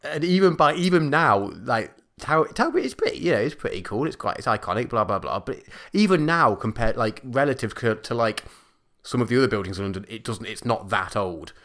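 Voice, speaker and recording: A man whose pitch swings widely as he lays out his points one at a time. He nitpicks details with a chatty, reasoning tone. The delivery is loose and conversational. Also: very animated, fairly quick, fairly bright tone. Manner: nitpicking, talks through points step by step. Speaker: podcast co-host. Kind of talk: casual film-review chat.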